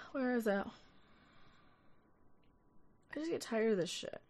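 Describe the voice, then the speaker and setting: A woman's voice: fairly high pitch, drawn-out words, a bit bright, slightly rough. Profane, ranting woman streamer. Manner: profane, exasperated, reads chat aloud. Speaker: livestream host. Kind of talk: casual ranting livestream.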